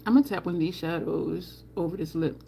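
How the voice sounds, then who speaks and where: A woman's voice: fairly low pitch, fairly quick, creaky, warm tone, slight background noise. A woman hosting a casual livestream, chatting with viewers and answering their comments while she does her makeup. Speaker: livestream host.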